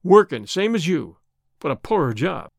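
A man reading an audiobook, voicing a bold, calm young outlaw who gives quick, cool replies. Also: fairly high pitch, creaky, dry recording, studio quality, heavily acted.

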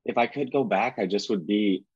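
Low husky guy chatting on a podcast, lots of restarts, dry muffled sound. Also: darkish tone, no echo. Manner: halting, many restarts and fillers. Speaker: podcast guest, actor and author. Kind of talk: casual chat.

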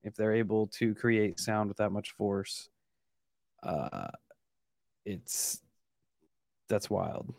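A man's voice: lowish voice, takes it slowly, gravelly, pauses often, a little mellow, no room sound, clean studio sound. A man co-hosting a podcast, musing aloud in a hesitant, casual way. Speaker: podcast co-host. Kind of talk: casual chat.

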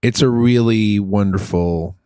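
A man's voice: lowish voice, unhurried, clean tone, no echo. Chatty middle-aged man, dry sound. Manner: animated, rambling, swears casually, says dude. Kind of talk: casual storytelling chat.

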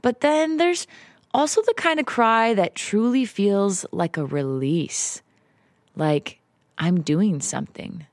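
A woman's voice: mid-range voice, takes it slowly, dry recording. A woman hosting an unscripted solo podcast from a house in the woods, talking in a confessional, emotional and self-mocking way with some swearing. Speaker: podcast host. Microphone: home setup, popping p's.

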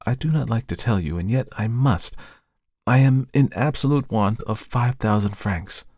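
A man's voice: moderate pace, darkish tone, slightly rough, no echo, studio quality, natural voice. A man voicing a distressed, hypnotized noblewoman who pleads and trembles in an audiobook reading. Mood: anxious. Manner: trembling, pleading, rising to high cries.

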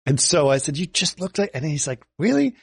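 Man, podcast co-host, storytelling, chuckles, halting delivery, dry close sound. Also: fairly high pitch, husky, no echo. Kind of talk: casual chat, storytelling.

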